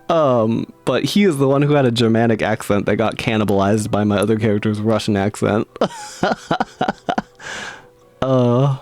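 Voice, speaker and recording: A man's voice: mid-range voice, lively intonation, unhurried, pauses often, a little mellow, soft background music. A man streaming live, chatting casually and reading tarot cards, giggly and rambling with frequent laughs.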